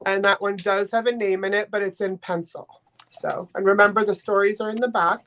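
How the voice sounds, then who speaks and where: A woman's voice: medium pitch, fairly even intonation, a little fast, a bit bright. A woman hosting a live online makers' sale, chatting casually and getting flustered. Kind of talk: casual live-stream auction chat.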